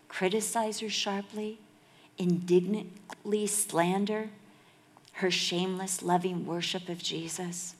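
A middle-aged woman preaching a sermon, dramatic, acting out quotes and dropping to a whisper for emphasis. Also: medium pitch.

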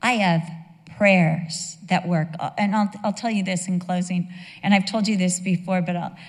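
A woman's voice: fairly low pitch, fairly even intonation, moderate pace. A woman in her fifties giving an emotional sermon-style testimony, telling the story with acted dialogue. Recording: long reverb of a large hall.

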